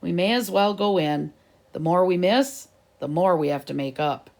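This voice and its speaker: A woman reading aloud and voicing a level-headed schoolboy who tries to calm his friend. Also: fairly low pitch, normal speed, vocal fry. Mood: coaxing. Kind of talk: storybook reading.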